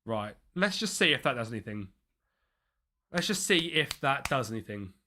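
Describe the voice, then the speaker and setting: Lively man streaming a game. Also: medium pitch, normal speed, slight background noise. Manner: chatty, mutters and thinks aloud, excited bursts at chances. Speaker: streamer playing a football management game. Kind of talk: live gameplay commentary.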